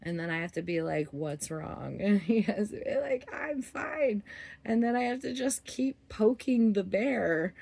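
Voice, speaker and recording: A woman's voice: medium pitch, gravelly, a little mellow. A middle-aged woman in a candid, rambling monologue about relationships, swearing freely and laughing often. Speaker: vlogger.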